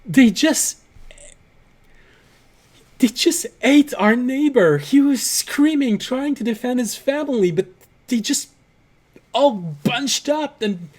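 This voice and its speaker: A man's voice: very high-pitched, lively intonation, slow, long pauses, pitched above the performer's own voice, full character voice. A man voicing a terrified townsman who has fled monsters, stammering and repeating himself. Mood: shaken. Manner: stammering, frantic repetitions. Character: terrified stuttering adult male townsman fleeing monsters.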